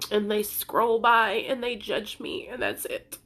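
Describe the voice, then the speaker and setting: A woman's voice: mid-range voice, lively intonation, unhurried, hardly any pauses, fairly bright tone. A young woman talking to camera in an emotional personal vlog, earnest and pleading, crying as she speaks. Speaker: content creator sharing recovery story.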